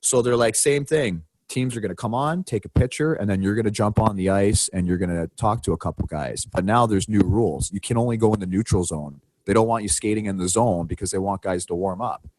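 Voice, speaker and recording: A man's voice: fairly low pitch, quick pace, hardly any pauses, no room sound. A man co-hosting a podcast, telling a story in casual chat and acting out the quotes in a raised voice. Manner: animated, acts out quotes in raised voice. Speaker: podcast co-host.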